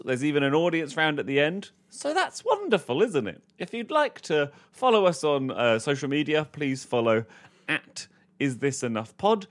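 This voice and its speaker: A man runs a comedy quiz podcast with a lively, swooping voice. He is playful, fires off quick jokes and laughs easily at his co-host. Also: mid-range voice. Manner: playful, giggly, quick asides.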